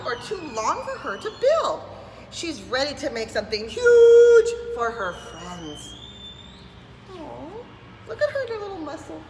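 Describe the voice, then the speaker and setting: A woman's voice: fairly high pitch, background noise. A woman reading a picture book aloud to preschoolers, enthusiastic and doing voices. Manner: animated, enthusiastic, does voices. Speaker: preschool storyteller. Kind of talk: children's read-aloud. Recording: echoey room with long reverb.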